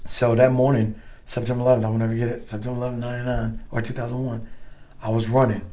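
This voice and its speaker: A middle-aged man, a former soldier, telling stories in a casual interview, animated and acting out what others said. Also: medium pitch, fast talker. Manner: animated, acts out quoted voices, swears casually. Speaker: guest, former Green Beret.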